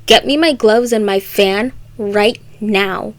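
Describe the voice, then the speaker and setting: A woman voicing a fussy, bossy white rabbit from a storybook, shrill and demanding. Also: slow, dry recording, close to an everyday voice.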